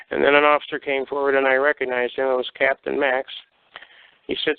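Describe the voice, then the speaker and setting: A man's voice: mid-range voice, steady tone, fast talker, vocal fry, no room sound. An older man from the Detroit area telling folksy, blunt war stories on a call-in show. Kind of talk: casual storytelling. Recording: tinny phone line.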